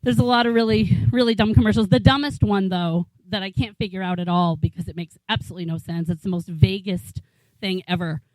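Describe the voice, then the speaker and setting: A woman's voice: medium pitch, fairly even intonation, brisk, a little mellow, dry recording, low-quality recording. A woman in her forties doing a stand-up comedy set in a small bar, rambling and incredulous, swearing freely. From New England, USA. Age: 40s. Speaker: stand-up comic.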